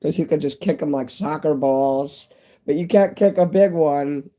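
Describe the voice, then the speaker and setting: A man in his fifties with a hoarse, fading voice and a stuffy nose, rambling candidly to his viewers in a casual live-stream chat. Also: a little high, moderate pace, dark tone. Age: 50s.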